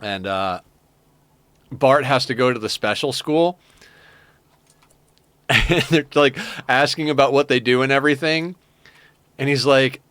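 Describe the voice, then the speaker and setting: A man streams a strategy game, chatting casually, swearing freely, and drifting into rambling stories that amuse himself. His medium-pitched voice is smooth and fairly bright, a little slow with long pauses, on a dry recording.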